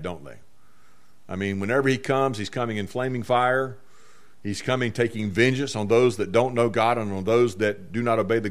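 A man preaching a sermon in church, animated, stretching key words slowly for emphasis. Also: lowish voice. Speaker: pastor.

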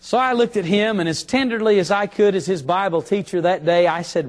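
A middle-aged man preaching in a church, his voice sitting high for a man. He tells a story from the pulpit and slows right down to lean on the words that matter, while soft music plays faintly underneath. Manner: storytelling, slows for emphasis on key phrases. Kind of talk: sermon. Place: church sanctuary.

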